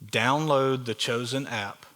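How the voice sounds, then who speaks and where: A man's voice: mid-range voice, slow, sharp tone. A man with a Southern US accent preaching a sermon as pastor of a church, in a conversational way, asking the congregation questions as he goes. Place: church sanctuary.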